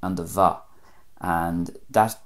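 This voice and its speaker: A man giving a spoken language lesson, measured and careful, repeating each example word slowly. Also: low voice, steady tone. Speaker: language teacher.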